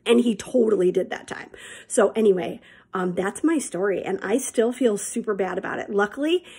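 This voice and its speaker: Gravelly-voiced woman teacher telling a story. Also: medium pitch, normal speed, warm tone. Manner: chatty and candid, addresses children as friends. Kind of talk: storytelling video for students.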